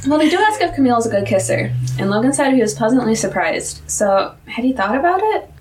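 A woman's voice: a little high, very animated, brisk, a little mellow. Chatty woman recapping a show, distant mic. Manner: chatty, laughing often, acts out quoted lines. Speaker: podcast co-host. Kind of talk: casual recap chat. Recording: distant mic with faint noise.

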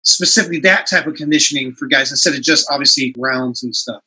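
A man's voice: mid-range voice, fast talker, sharp tone, slightly rough, poor audio. A man hosting a casual interview, who runs his own grappling school and reacts eagerly to his guest. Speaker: host, jiu-jitsu school owner.

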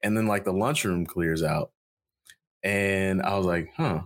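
A man's voice: low-pitched, measured pace. A man hosting a podcast in casual chat, telling stories animatedly, swearing and laughing often. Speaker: podcast host.

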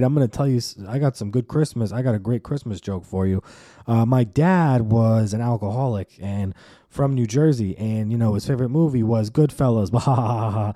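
A young man in his twenties rambles through a solo podcast with a low, very warm and relaxed voice. The recording is dry and close. He swears freely and acts out the voices he quotes. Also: no echo. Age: 20s. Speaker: podcast host. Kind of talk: casual solo podcast monologue.

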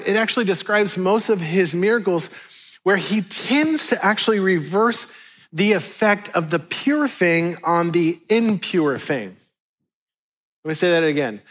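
A man's voice: high-pitched, fairly bright tone. A middle-aged man preaching a sermon to a congregation in a church, conversational and joking, with playful asides to the listeners. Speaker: pastor.

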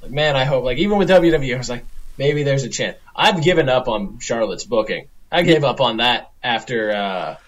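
A man's voice: medium pitch, animated, a little fast. A man co-hosting a casual wrestling podcast, ranting with exasperation and swearing. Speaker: podcast co-host.

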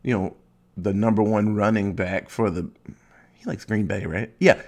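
A young man hosting a casual solo podcast, rambling and swearing, joking at his own expense and dropping into quick silly voices. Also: fairly low pitch, steady tone, darkish tone. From Ohio, USA. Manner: rambling, profane, self-mocking, acts out quick silly voices. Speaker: podcast host.

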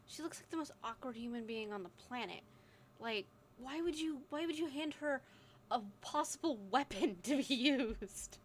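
A young woman co-hosting a podcast, telling stories in animated casual chat with frequent laughter and swearing. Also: high voice, normal speed. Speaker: podcast co-host. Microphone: podcast microphone.

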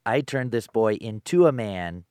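A man's voice: on the low side, animated, a little slow, a little mellow, smooth, dry recording, studio quality. A man interviewing a songwriter, talking things through thoughtfully with many "you know"s. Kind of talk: casual interview chat.

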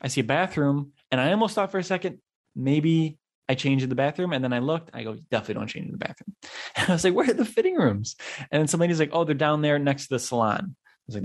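A young man, hosting a podcast and telling a story on his own, casually, acting out the quotes and swearing when annoyed. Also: mid-range voice. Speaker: podcast host.

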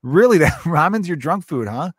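A man hosting a casual podcast chat, chummy and quick to laugh. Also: a little high, very animated, breathy edge. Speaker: podcast host.

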